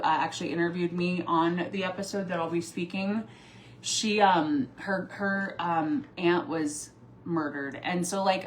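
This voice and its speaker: A woman's voice: on the low side, slight background noise. Teary woman in her forties livestreaming. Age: 40s. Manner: rambling, many fillers and restarts, emotional at times. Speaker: vlogger and mom. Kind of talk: casual livestream chat.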